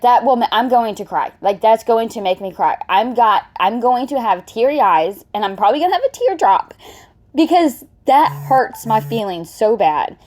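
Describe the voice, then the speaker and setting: A woman's voice: a little high, mellow. A woman venting angrily and cursing as she reacts to a clip. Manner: heated, profane, venting. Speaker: reaction vlogger. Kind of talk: angry reaction commentary.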